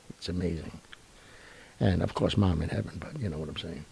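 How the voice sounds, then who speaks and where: A man's voice: low-pitched, brisk, vocal fry, a little mellow, breathy edge. A man hosting a live online show, rambling and joking in casual chat. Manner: rambling, jokey, with fillers and laughs. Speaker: show host.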